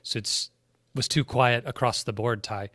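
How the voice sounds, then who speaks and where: A male podcast host with a mid-pitched voice speaks in a reflective, conversational way. He frames long questions for his guest. The room sounds dry and close to the mic. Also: fairly even intonation, a little slow, bright, forceful tone, no room sound. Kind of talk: podcast interview.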